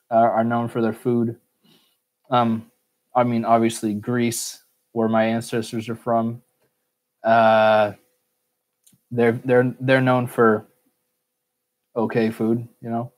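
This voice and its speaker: A man's voice: medium pitch, little pitch movement, slow pace, long pauses. An American man hosting a casual solo Q&A podcast, rambling, cursing freely and joking at his own expense. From United States. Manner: rambling, swears a lot, self-mocking. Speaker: podcast host.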